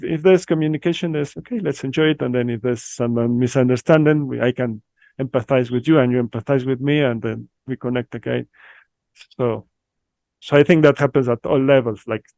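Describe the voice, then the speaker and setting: Man, Mexican accent, reflective, mid-pitched, dry close sound. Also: a little mellow, dry recording. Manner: reflective, searching, with fillers. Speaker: guest, somatics practitioner. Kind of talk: conversational interview.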